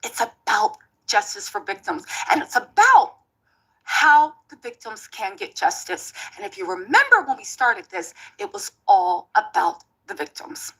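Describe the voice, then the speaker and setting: A woman's voice: medium pitch, big pitch swings, unhurried, a bit bright, breathy edge. A woman giving casual, emphatic commentary with a sarcastic edge.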